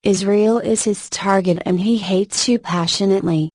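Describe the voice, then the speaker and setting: A woman reading prophetic religious messages aloud in a slow, measured, even devotional manner. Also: medium pitch, no echo.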